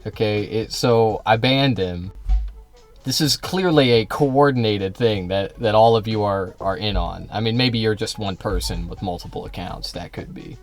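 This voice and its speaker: A man's voice: lowish voice, moderate pace, faint music behind. A man streaming live, arguing with his chat in a combative, sarcastic, profane way. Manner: sarcastic, mocking. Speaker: livestreamer.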